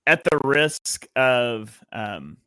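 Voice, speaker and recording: A man hosts a podcast in a laid-back, dryly funny way. His voice is bright and forward, and it sits close and dry with no room around it. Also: mid-range voice, very animated, extremely slow, clean tone, no echo. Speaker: podcast host. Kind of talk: casual chat.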